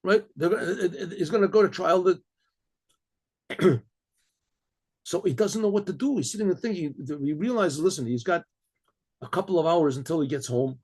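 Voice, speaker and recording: A middle-aged rabbi telling a story aloud, with frequent throat clearing and many repeated, restarted words. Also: male voice, on the high side, darkish tone. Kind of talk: spoken story narration.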